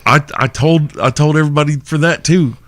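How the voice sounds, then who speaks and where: A man hosting a podcast, telling band stories in casual chat, animated and swearing freely. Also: a little high, brisk, no echo. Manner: animated, swears freely, acts out quotes loudly. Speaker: podcast host, former band singer.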